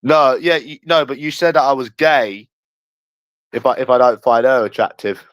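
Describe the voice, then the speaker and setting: A man's voice: medium pitch, fairly even intonation, moderate pace, fairly bright tone, no echo, dull audio. A young man with a London accent, ranting in a taunting live stream and jeering at someone over and over. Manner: mocking, repetitive jeering.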